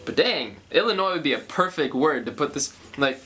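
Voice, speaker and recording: A man's voice: fairly high pitch, lively intonation, normal speed, loud music behind the voice. A young man casually talking through how he writes a song, thinking aloud and correcting himself as he goes. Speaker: songwriter explaining his process. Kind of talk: casual songwriting talk.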